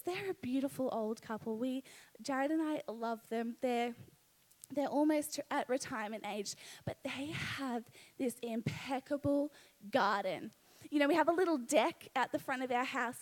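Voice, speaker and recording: A woman's voice: high-pitched, normal speed. A young Australian woman, pregnant, preaching at a live church service on a stage mic, earnest and conversational with frequent "you know what" asides.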